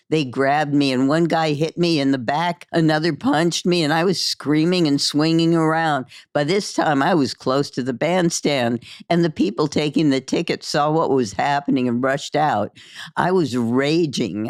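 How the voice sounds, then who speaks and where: A woman narrating a memoir in the first person, slow and measured, in audiobook style. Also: deep voice, no echo, clean studio sound.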